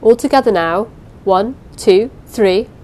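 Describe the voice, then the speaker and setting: A woman reading aloud voices a commanding man who shouts urgent orders during a search. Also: mid-range voice, unhurried, natural voice.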